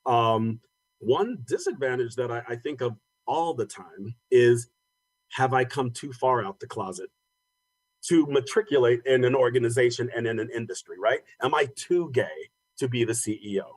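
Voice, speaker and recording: A man's voice: mid-range voice, expressive, normal speed, dry recording, low-quality recording. A man speaking earnestly and reflectively on a conference panel, sometimes repeating words as he thinks. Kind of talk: personal panel talk.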